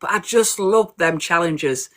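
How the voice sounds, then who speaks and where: A woman's voice: on the low side, expressive, measured pace. A woman as a guest on a live-stream chat, talking in a blunt, down-to-earth way. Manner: blunt, down-to-earth and plain-spoken. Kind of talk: casual chat. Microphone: video call on live stream.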